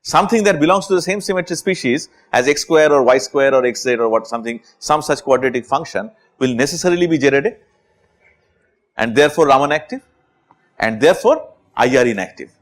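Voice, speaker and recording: A man's voice: medium pitch, brisk. A man with an Indian English accent giving a university chemistry lecture, often asking "right?" as he explains. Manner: animated, asks rhetorical questions with repeated "right?".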